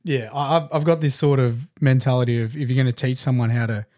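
A man's voice: mid-range voice, steady tone, fast, a little mellow. Man, casual chat, patient, explanatory, uses homely comparisons. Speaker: painting mentor.

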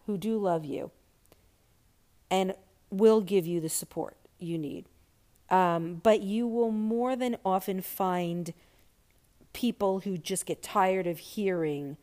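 A woman's voice: fairly low pitch, a little mellow. A woman talking candidly and reflectively about personal experience, with many fillers and restarts.

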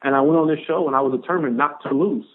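A man tells a long personal story in an interview with lively energy, acting out every exchange he quotes. His voice sits a little high for a man. The sound is thin and narrow, like a phone line. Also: fast talker. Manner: animated storyteller, acts out quoted dialogue. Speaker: podcast guest, former pro football player.

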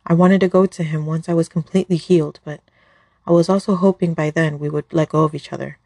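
Woman storyteller, husky, soft emotional read, dry close sound. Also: sits low, fairly even intonation, fast talker, dry recording. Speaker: fan fiction podcast reader. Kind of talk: first-person story reading.

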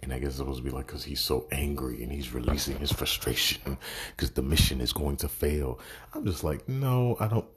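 A man's voice: very deep voice, little pitch movement, brisk, a bit bright. A man giving a casual, profane movie review, exasperated and sarcastic, swearing constantly.

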